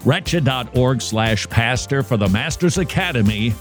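A man's voice: medium pitch, unhurried, faint music behind. A man hosting a radio talk show, chatting in a playful, joking way about church history. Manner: playful, jokey, animated. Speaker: radio host.

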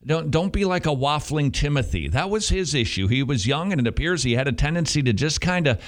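Feverish, lively-voiced man exhorting pastors. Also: fairly high pitch, fairly quick. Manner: feverish, emphatic, repeating for emphasis.

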